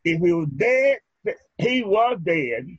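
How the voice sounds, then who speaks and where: A male preacher giving a sermon in a rhythmic, drawn-out style, calling for responses from his congregation. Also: high voice, sing-song, breathy edge, dry recording. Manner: rhythmic, drawn-out phrasing, leads the congregation in repeating lines. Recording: dull lo-fi recording.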